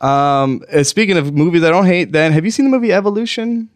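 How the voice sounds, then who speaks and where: A man hosting a casual comedy podcast chat, sarcastic and animated as he riffs on movies. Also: on the high side, a little fast, dry recording, clean studio sound. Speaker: podcast host.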